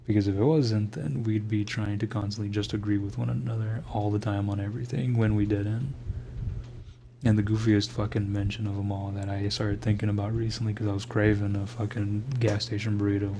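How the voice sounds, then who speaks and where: A young man talking to himself in a low, gravelly voice with a mellow, dark tone. He rambles through a casual, reflective monologue, swearing freely and laughing under his breath. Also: flat delivery, brisk, slight background noise.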